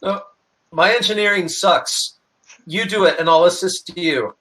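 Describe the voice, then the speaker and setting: High, bright man rambling at the table. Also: a little slow. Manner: rambling, eager technobabble. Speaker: player. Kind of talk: casual tabletop game chat.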